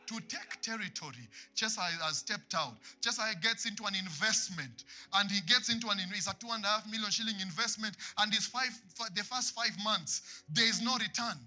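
Pastor preaching hard, high voice, real bright and sharp, bit of music under it. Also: male voice, normal speed, few pauses. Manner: animated preaching, swings from loud to hushed. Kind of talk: sermon.

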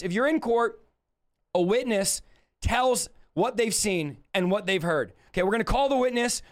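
A man preaching a live-streamed sermon with fiery energy, shouting and then dropping into low rhetorical asides.

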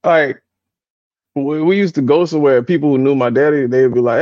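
A man's voice: mid-range voice, steady tone, a little fast, darkish tone, no room sound, muffled recording. A man co-hosting a casual podcast chat, telling stories animatedly, doing impressions of his relatives and laughing often. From American South. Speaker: podcast co-host.

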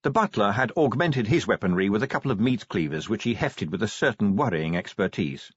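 A man with a low, husky voice narrates an audiobook in a lively, expressive style. His pitch rises and falls a great deal. The recording is dry and somewhat dull. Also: fairly quick, dry recording. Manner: expressive storytelling with shifting character voices. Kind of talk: scripted narration.

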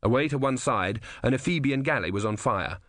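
This is scripted audiobook narration of a novel, delivered by a man in a steady, measured storytelling style. His pitch is medium, and the recording is clean studio audio with no audible room.

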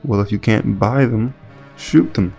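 A man voices a smug crime boss who talks down to everyone in a low, gravelly tone and issues cold, menacing orders. The reading is measured and unhurried, with a sadistic, condescending edge throughout. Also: dark tone, muffled recording, soft background music. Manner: sadistic chuckling, cold commands.

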